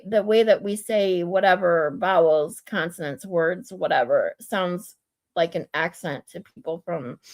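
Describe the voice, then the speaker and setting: A woman with a Michigan accent and a high, nasal voice, chatting casually on a livestream, laughing often. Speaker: livestream co-host. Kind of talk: casual chat.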